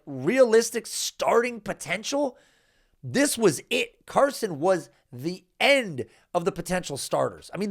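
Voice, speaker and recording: Gravelly guy ranting about his draft picks, swears a lot, voice jumps way up when he's annoyed. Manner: animated, exasperated, swearing, jumps in pitch. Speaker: fantasy football analyst.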